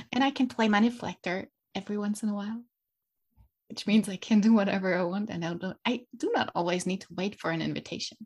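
This is a German woman whose English carries only a slight German accent. As a podcast guest she talks in a lively, playful way and laughs easily. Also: mid-range voice, brisk. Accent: light German, near-neutral English. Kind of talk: casual conversational interview.

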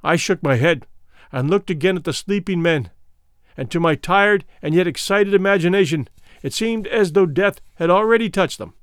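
A man narrating a first-person adventure novel in a measured, reflective storytelling manner. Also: high-pitched, clear, resonant tone, dry recording, clean studio sound. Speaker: audiobook narrator.

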